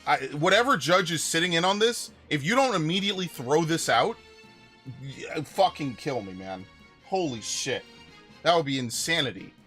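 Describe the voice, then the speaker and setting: A man's voice: on the high side, lively intonation, normal speed, pushed and bright, faint music behind. A man live-streaming a video game, ranting angrily with lots of swearing and stumbling restarts. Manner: angry profane ranting with repeated restarts. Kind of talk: live gameplay stream commentary.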